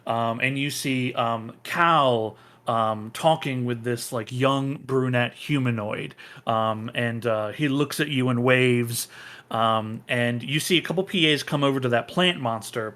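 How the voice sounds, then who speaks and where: A man's voice: medium pitch, fairly bright tone. A man narrating a tabletop game as game master, hesitant with many fillers.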